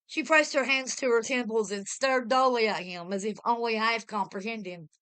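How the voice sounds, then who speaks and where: Woman narrating a horror tale, higher voice. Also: normal speed, a bit bright, smooth. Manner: vivid, dramatic narration. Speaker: reader. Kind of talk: dramatic reading of a pulp horror story.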